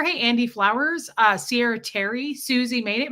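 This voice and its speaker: Bright-voiced woman chatting on a livestream. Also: on the high side, normal speed. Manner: chatty, joking, greets viewers by name. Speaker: livestream host greeting chat. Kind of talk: casual livestream chat.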